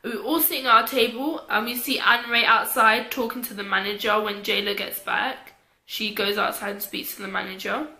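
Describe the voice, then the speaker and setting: A woman's voice: on the high side, steady tone, normal speed, bright, forceful tone, echoey room. A young woman chatting casually, with lots of fillers, telling a story to camera. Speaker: vlogger.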